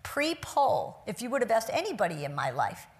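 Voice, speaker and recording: A woman's voice: mid-range voice, huge pitch swings, moderate pace. Earnest woman telling a personal story. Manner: earnest, reflective storytelling with occasional laughs. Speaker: speaker giving a talk to a live audience. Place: stage before a seated audience.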